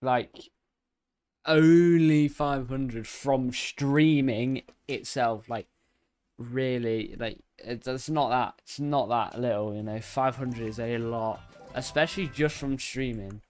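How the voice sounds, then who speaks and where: Chatting casually with his stream viewers while playing a racing game, this man speaks slowly at a medium pitch, and the audio is clean. His talk rambles and interrupts itself, and he yells "no, no" over and over during play.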